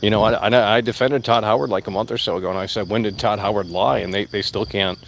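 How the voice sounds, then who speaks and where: A man's voice: lowish voice, level tone, fast talker, fairly bright tone, a little hiss or hum. A man vlogging outdoors in a casual, rambling rant, blunt and profane, repeating himself as he goes. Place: outdoors among plants. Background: faint crickets and insects.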